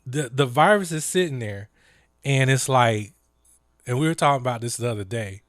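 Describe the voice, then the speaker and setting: A man's voice: medium pitch, normal speed, fairly bright tone, dry recording, studio quality. A man hosting a live stream, telling stories animatedly with lots of fillers and impressions. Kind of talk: casual chat.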